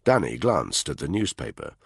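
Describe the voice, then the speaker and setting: A man narrates a thriller audiobook in a very deep, gravelly voice with a husky grain. His reading is steady and measured but lively in pitch. The sound is dry and close. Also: no room sound. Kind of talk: scripted narration.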